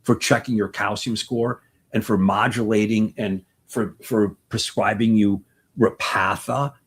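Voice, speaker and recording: A man's voice: lowish voice, breathy edge. A man in his sixties, a doctor hosting a live question-and-answer talk, speaking in an impassioned, rambling way and often restarting his sentences. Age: 60s.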